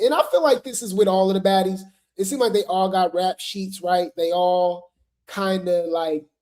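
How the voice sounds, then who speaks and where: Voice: mid-range voice, warm tone. A host giving casual gossip commentary in a chatty, slangy way with lots of fillers.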